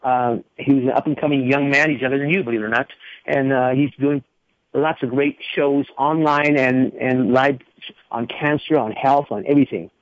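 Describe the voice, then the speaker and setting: A man's voice: medium pitch, fairly even intonation, no room sound. A male radio show host talking casually, rambling and spelling out contact details letter by letter. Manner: rambling, spells things out slowly. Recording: tinny phone-like radio audio.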